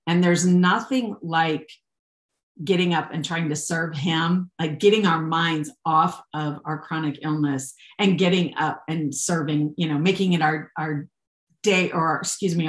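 A woman's voice: low voice, steady tone, unhurried. A woman guest on a faith podcast, talking earnestly about serving God, rambling through restarts and growing emotional. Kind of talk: casual faith conversation. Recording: echoey room.

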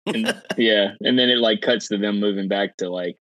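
A man's voice: fairly low pitch, moderate pace, fairly bright tone, dry recording. A man co-hosting a casual podcast in an easygoing way, trailing off with "uh". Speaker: podcast co-host. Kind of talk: casual chat. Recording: dull, dry close mic.

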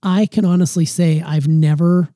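A man's voice: fairly high pitch, fairly even intonation, normal speed, dark tone, no room sound, studio quality. A middle-aged man in a casual family chat, earnestly giving a grown child reflective advice.

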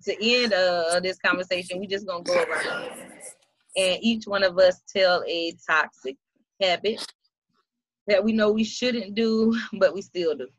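A woman hosting a casual chat, loose and relaxed, laughing easily. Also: lowish voice, unhurried, dry recording. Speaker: host.

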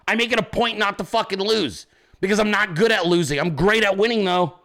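A podcast host with a high-pitched, brisk and fairly bright voice runs his own show from a desk at home. He rants in profane, combative and mocking commentary.

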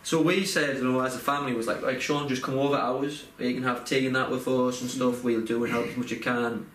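A man's voice: medium pitch, little pitch movement, fast, a bit bright. A young man telling a personal story in a rambling, heartfelt way, full of fillers and restarts. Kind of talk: casual podcast chat. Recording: roomy echo, faint background noise.

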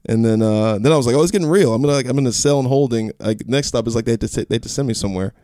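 A young man telling a casual story as a podcast guest, animated, acting out quotes in a raised voice and swearing. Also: mid-range voice, rapid-fire, dry recording, studio quality.

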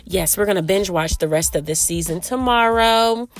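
A woman hosting a casual podcast, talking loudly and joking with speech. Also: medium pitch, normal speed, soft background music. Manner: loud, animated, joking, with bursts of laughter. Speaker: podcast host.

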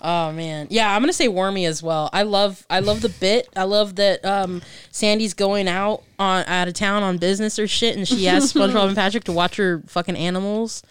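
Podcast co-host, male, smooth and dry-miked, laughing storyteller, casual swearing. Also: high-pitched, steady tone, normal speed, few pauses, fairly bright tone, no echo. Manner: laughing, swearing, retelling cartoon scenes. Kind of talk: casual chat.

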